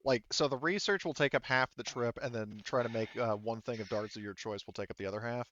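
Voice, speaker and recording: A man's voice: mid-range voice, quick pace, fairly bright tone, dull audio, slight background noise. A man running a tabletop game as game master, explaining rules with frequent hesitations. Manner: hesitant, lots of ums and uhs.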